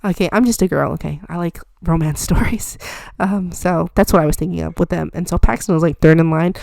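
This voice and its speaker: Young woman, casual drawing chat, rambling, self-deprecating, mellow dark voice, gravelly. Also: on the low side, fairly quick, no echo. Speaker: art vlogger.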